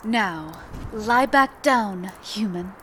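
A woman voicing a dominant horned reptilian warrior queen in an adult audio role-play, talking in a slow, commanding, sultry way. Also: medium pitch, animated, fairly bright tone, a little hiss or hum.

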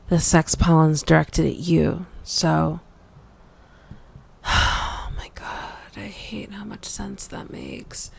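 A woman's voice: low-pitched, creaky, heavily acted. A woman voicing a flustered, frustrated young woman in an audio role-play, stammering and swearing with many fillers.

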